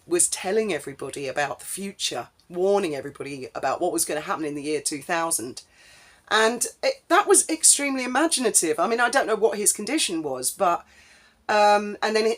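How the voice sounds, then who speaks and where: A woman's voice: sits low, husky. Rambling, chatty woman. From England. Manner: chatty and rambling, animated with frequent ums. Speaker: vlogger. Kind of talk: casual storytelling.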